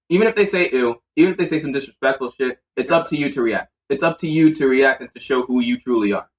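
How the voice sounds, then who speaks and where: A man's voice: fairly high pitch, fairly bright tone, lo-fi sound. A man co-hosting a podcast in casual chat, boastful and teasing. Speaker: podcast co-host.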